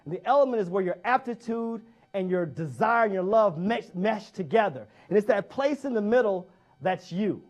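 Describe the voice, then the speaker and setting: High-voiced male motivational speaker. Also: animated, moderate pace, dull audio. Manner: emphatic, repeats key phrases for effect. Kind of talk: motivational speech.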